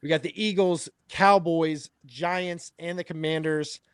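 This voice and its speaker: A man's voice: a little high, fairly even intonation, unhurried, clean tone, no room sound. A man hosting a casual sports podcast, running the segments and thinking aloud with restarts. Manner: runs the segments, hesitant restarts. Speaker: podcast host.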